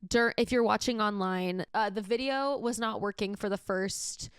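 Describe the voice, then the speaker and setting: Young woman, podcast host, casual and giggly, smooth clear voice, dry close sound. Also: medium pitch, moderate pace, dry recording. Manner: emotional, giggly, gushing. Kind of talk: casual solo chat. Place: in her bed at home.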